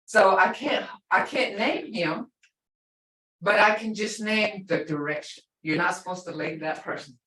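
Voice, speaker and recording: A woman's voice: medium pitch, a little slow, a bit bright. Chatty woman teaching in an echoey room. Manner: chatty, explains with stories, repeats words for learners. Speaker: language instructor. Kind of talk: casual teaching in a class. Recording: echoey room, voice far from the mic.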